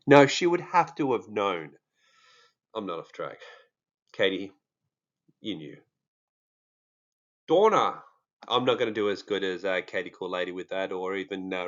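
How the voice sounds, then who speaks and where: A man's voice: deep voice, lo-fi sound. A man with an Australian accent, talking casually and jokingly to his viewers, with many fillers. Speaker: true crime vlogger. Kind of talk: casual monologue to camera.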